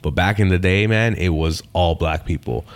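Casting: male comedian guest, very low voice, laid-back and profane, casual podcast chat. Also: moderate pace, clear, resonant tone. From Canada. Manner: laid-back, swears freely, repeats phrases.

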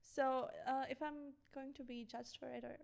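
Young woman guest, high voice, hesitant soft-spoken delivery, easy laughter. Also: little pitch movement, normal speed, gravelly. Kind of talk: casual chat.

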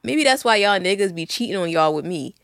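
A young woman with a Philadelphia accent, co-hosting a podcast in blunt, laughing, animated casual chat. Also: medium pitch, fairly quick, vocal fry, dry recording, studio quality. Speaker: podcast co-host.

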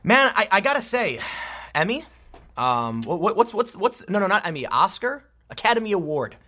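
A man delivering opinionated news commentary with a lively, bright, high-pitched voice. He sounds exasperated and sarcastic, tossing in quick asides as he talks. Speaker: political commentator.

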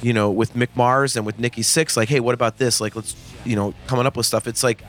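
A man's voice: mid-range voice, fairly even intonation, quick pace. A man in his forties, a guest on a casual podcast, talking in a profane, emphatic rant. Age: 40s.

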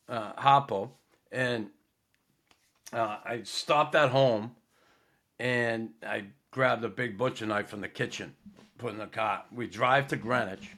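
A man's voice: mid-range voice, a bit bright. A middle-aged man hosting a podcast, telling a story in a laid-back, profane way with lots of fillers. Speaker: podcast host. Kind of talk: casual storytelling.

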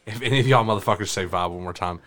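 A man's voice: on the low side, racing, a bit bright. A man in casual podcast chat, teasing in a dry way. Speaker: podcast co-host.

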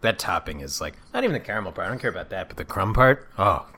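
A man's voice: deep voice, sing-song, racing, sharp tone, breathy edge. A young man co-hosting a podcast, chatting casually and gushing enthusiastically about the food he tastes. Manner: enthusiastic, rambling, savoring food. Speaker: podcast co-host. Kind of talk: casual food review chat.

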